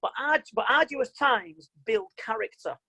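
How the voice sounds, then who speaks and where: A man giving an online mind-coaching talk, chatty and animated, acting out what people say. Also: extremely high pitch, moderate pace, husky, low-quality recording. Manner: animated, chatty, quotes people in mock voices. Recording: video call audio.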